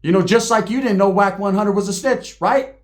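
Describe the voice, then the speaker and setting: A man's voice: sits high, a little fast. A man hosting his online show, ranting straight at the camera in profane, slangy street talk. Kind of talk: heated direct-to-camera rant.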